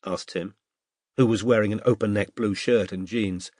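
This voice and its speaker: A man narrating a detective novel as an audiobook in a measured, steady storytelling manner. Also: fairly low pitch, dry recording, clean studio sound. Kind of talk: scripted narration.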